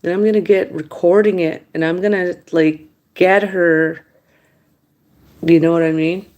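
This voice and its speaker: A woman talks slowly and unhurriedly in a lowish voice, rambling through a casual late-night monologue at home. She complains as she goes and grows lively whenever she quotes other people. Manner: rambling, complaining, animated when quoting others. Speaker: mukbang vlogger. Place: indoors at home.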